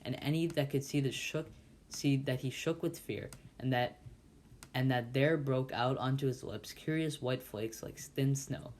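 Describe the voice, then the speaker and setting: A man's voice: mid-range voice, unhurried, a little mellow, slight background noise. A man volunteer reading a classic novel aloud, with frequent stumbles and restarts. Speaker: volunteer reader.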